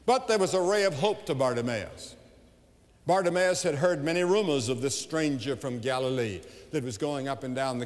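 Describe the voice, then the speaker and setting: A man evangelist delivering a revival sermon to a large crowd, emphatic and building to loud appeals, recorded live in an arena. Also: medium pitch. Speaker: evangelist preacher. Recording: long hall reverb, live event.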